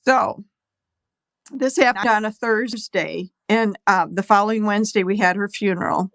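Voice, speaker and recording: Middle-aged woman, earnest storytelling, mid-pitched voice, dry close sound. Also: creaky, fairly bright tone, dry recording. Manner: earnest, acts out quoted voices with pauses. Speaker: guest. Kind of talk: emotional personal storytelling.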